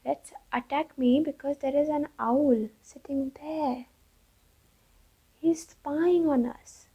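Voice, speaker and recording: A woman voicing a calm, wise old male crow minister who speaks in a measured way. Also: sits high. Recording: dull lo-fi recording.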